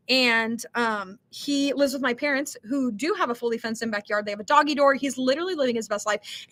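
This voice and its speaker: Young woman host on a chatty live stream, high bright voice, giggly and filler-heavy. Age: young adult. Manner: chatty, giggly, lots of ums and likes. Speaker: livestream host reading chat. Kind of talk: casual live chat.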